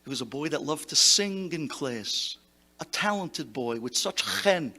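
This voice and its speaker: A man, a rabbi, giving an impassioned eulogy to a gathering, mixing Hebrew words into his English and swinging between loud exclamations and hushed tones. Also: fairly high pitch, expressive, unhurried. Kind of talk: memorial speech to a gathering.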